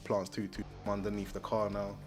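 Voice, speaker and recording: A young man retelling a film in heavy slang, animated and jumping into loud character voices. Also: lowish voice, normal speed, faint music behind. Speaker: film recap host. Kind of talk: comedic slang-heavy movie recap.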